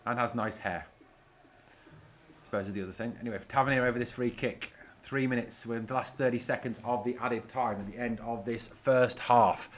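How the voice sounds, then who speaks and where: A man hosts a fan watch-along stream, casually commentating live and reading viewers' comments aloud, and he gets excitable whenever his team attacks. His voice is mid-range at a moderate pace, with a little hiss or hum in the audio.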